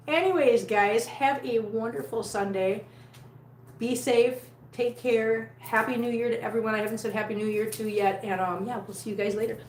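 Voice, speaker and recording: A woman's voice: mid-range voice, reverberant, slight background noise, poor audio. A woman chatting casually on a live stream from home, laughing often and cooing at her cats. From Missouri, USA. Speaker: cat vlogger.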